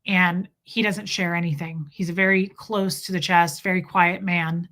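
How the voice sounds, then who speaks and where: A woman in her thirties telling an emotional personal story about her family, speaking haltingly with restarts. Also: fairly low pitch, steady tone, a bit bright. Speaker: vlogger.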